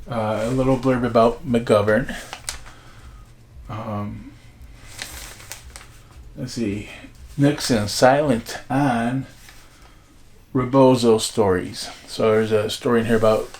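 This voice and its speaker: An older man with a gravelly voice, rambling casually through old newspapers with many fillers and asides. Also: medium pitch, steady tone, slow pace, pauses often, darkish tone, a little hiss or hum. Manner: meandering, chatty, many fillers. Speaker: vlogger reading old newspapers. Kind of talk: casual rambling show-and-tell.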